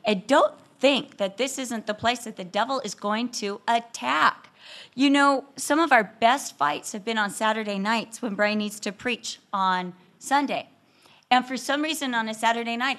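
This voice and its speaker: A pastor's wife telling lively, self-deprecating stories about marriage in a sermon, laughing often and acting out scenes. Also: female voice, a little high.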